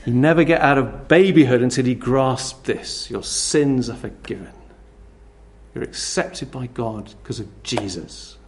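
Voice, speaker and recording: A man's voice: medium pitch, measured pace, darkish tone. A middle-aged man preaching a sermon, earnestly pressing his listeners with repeated direct questions. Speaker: pastor.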